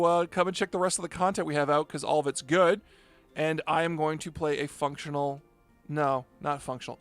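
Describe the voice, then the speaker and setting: A man playing in a tabletop game, chatting casually with jokey, excitable banter. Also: on the high side. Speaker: player. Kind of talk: casual chat.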